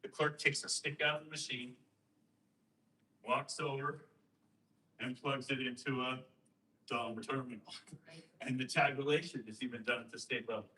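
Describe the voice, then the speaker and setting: A man talking to a host, explaining and telling a story with emphatic rhetorical questions and lively quoted voices. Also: medium pitch, normal speed, pauses often, recorded from a distance, low-quality recording. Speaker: guest speaker on election systems.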